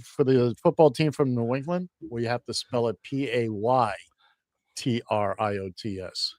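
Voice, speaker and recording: A man hosting a casual radio talk show, rambling with a dry humor and plenty of halting fillers. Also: mid-range voice, a little mellow, dry recording.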